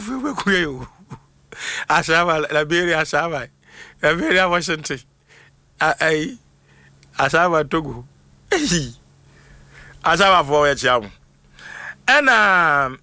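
Ghanaian radio guy hyped up doing shout-outs, punchy bright voice, dry sound. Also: on the high side, no echo. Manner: excitable, playful, jokes and laughs between names. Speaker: radio host.

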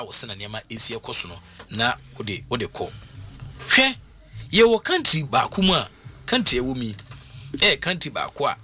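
A man's voice: mid-range voice, fairly quick, pauses often, breathy edge. A middle-aged man with a Ghanaian accent, chatting and telling stories, often asking "what I say?" as he goes. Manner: animated storyteller, often asks "what I say?". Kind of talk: casual talk mixing Twi and English.

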